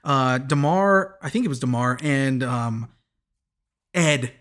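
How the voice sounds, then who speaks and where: A man's voice: medium pitch, expressive, a bit bright. A man chatting casually as a podcast host, joking, laughing easily and often restarting his sentences. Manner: rambling, joking, quick to laugh; restarts and corrects himself often. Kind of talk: casual chat recapping a TV show.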